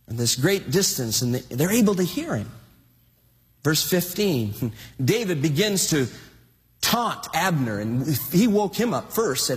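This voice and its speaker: A male pastor preaches with animated, exhorting energy, telling a story in a high voice. His pitch rises and falls widely, and a long hall reverb follows his words. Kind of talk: sermon.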